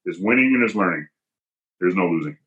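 A man tells a personal story as a podcast guest, hitting his points hard and acting out the voices of people he quotes. His voice sits a little low and has a bright, forceful edge. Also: lively intonation, fairly quick, muffled recording. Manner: emphatic, punchy, acts out quoted dialogue.

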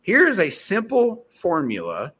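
Podcast host, man, middle-aged, faint Southern US accent, blunt and profane pep-talk delivery, bouncing, lively pitch. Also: takes it slowly, breathy edge. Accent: Southern US, softened. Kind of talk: casual motivational monologue.

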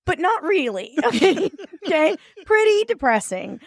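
A woman's voice: high voice, sing-song, measured pace, no room sound, clean studio sound. A young adult woman hosting a podcast, chatting and playfully teasing her guest as she tells a story. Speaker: podcast host. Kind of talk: conversational podcast interview.

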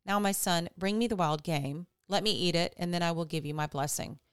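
A woman reading the lines of an old blind father, gently questioning. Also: on the low side, brisk, clear, resonant tone, dry recording, clean studio sound, lightly acted. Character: old blind father Isaac, frail and wary.

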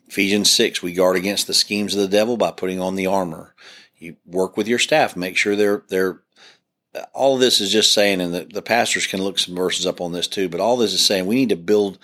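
Deep-voiced pastor talking on a podcast. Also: male voice, normal speed, fairly bright tone. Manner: earnest, preacherly, frequent restarts. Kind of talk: podcast discussion.

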